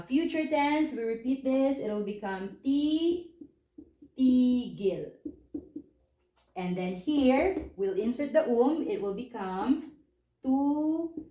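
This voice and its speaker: A woman's voice: on the high side, animated, measured pace, mellow, echoey room. A woman teaching a language lesson, patiently explaining step by step and checking in with questions. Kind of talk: spoken lesson.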